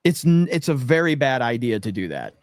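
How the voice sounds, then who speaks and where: A man's voice: medium pitch, big pitch swings, a little fast, a little mellow, no room sound. A man hosting a casual livestream, reading out viewer messages and answering them in a profane, exasperated, joking way. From United States. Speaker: livestream host. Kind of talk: casual livestream chat reading super chats.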